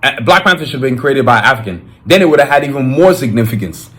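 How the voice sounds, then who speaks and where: A man's voice: mid-range voice, expressive, fast, fairly bright tone. Fired-up Nigerian-accented man hosting. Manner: emphatic and fired-up, with frequent restarts. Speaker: podcast host. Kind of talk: solo podcast monologue.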